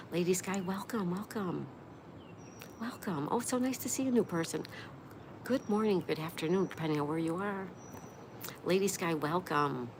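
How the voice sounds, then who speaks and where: A woman's voice: on the low side, background noise. A woman hosting a casual livestream, reading viewers' comments aloud in a chatty, friendly manner. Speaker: livestream host reading chat.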